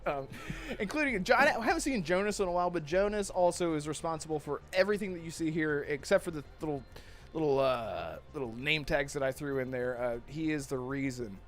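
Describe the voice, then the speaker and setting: A high-pitched man hosts a casual live podcast, chatting loosely and laughing a lot. He stumbles over his words and restarts often. Faint music plays under the talk. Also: a little fast. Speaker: podcast host. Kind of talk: casual live-stream chat.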